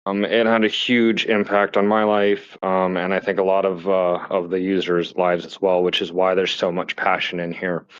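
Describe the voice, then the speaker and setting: Very deep-voiced man, heartfelt and halting. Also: little pitch movement, smooth, dry recording, muffled recording. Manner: heartfelt, halting, full of fillers. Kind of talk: casual chat.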